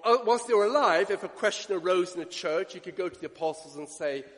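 A man preaching a sermon, emphatic, swinging between loud declarations and hushed asides. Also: high voice, expressive, quick pace. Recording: long reverb of a church hall.

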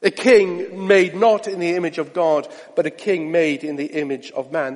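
A man preaching a sermon, dramatic and full of rhetorical questions, often dropping to a hushed aside. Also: a little high, steady tone, normal speed. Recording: long reverb of a large hall.

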